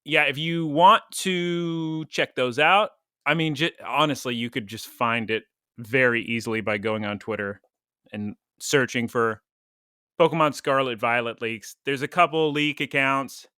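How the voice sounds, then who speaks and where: Bright-voiced man chatting casually. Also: medium pitch, unhurried, clear, resonant tone, dry recording, clean studio sound. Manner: chatty, rambling, laughs often. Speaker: podcast co-host. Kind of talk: casual podcast chat.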